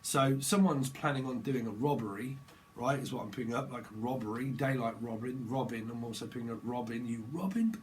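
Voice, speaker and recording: A man's voice: medium pitch, brisk, slight background noise, poor audio. A man doing a tarot reading, rambling and jokey, slipping into little acted-out scenes. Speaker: tarot reader.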